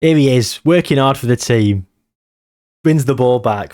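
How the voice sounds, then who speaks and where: A man giving excitable, nervous live commentary on a game he is playing. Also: mid-range voice, unhurried. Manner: excitable, nervous, reacting loudly to match moments. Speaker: gaming channel host.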